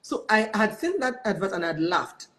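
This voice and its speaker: A woman with a Nigerian accent, a guest telling a story in an interview, animated and quoting what people said with lively exclamations. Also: medium pitch, normal speed. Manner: animated storyteller who quotes dialogue with exclamations.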